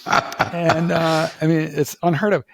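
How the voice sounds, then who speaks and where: A man from Philadelphia chatting casually in an interview, telling a lively story full of repeated "like"s and restarts. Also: a little high, slow pace, vocal fry, slight background noise. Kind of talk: casual conversation.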